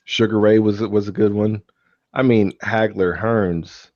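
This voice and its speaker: A man's voice: lowish voice, fairly even intonation, measured pace, dry recording, lo-fi sound. A man hosting a casual live stream chat, rambling with many fillers and restarts. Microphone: computer mic on a live stream.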